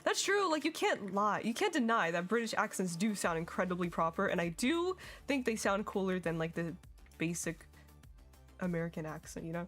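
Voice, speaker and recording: A woman's voice: fairly low pitch, animated, moderate pace, a bit bright, soft background music. A young woman streaming a game, chatting casually and giggling as she reads her chat.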